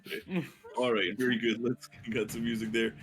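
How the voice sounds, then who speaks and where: Man, game master, mid pitch, rambling narration, faint music behind. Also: little pitch movement, moderate pace. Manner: rambling, many fillers and restarts.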